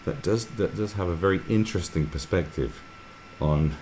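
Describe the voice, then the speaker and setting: Very deep-voiced sweary man. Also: moderate pace, darkish tone, slight background noise. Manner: sweary, restless, often breaks into mocking impressions. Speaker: live stream host. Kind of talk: casual rambling commentary.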